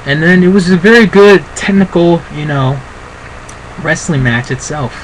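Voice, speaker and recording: A man's voice: fairly high pitch, moderate pace, slight background noise, poor audio. A man giving a casual, rambling spoken review, full of fillers and asides. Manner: rambling, chatty, many fillers. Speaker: wrestling show reviewer.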